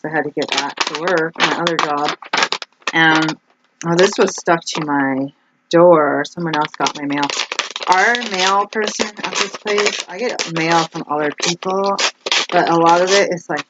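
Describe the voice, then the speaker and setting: A woman with a low-pitched voice speaks unhurriedly, rambling casually to camera as a vlogger. She's chatty and meandering, restarting often and saying "like" a lot. The recording is dull lo-fi with a little background noise.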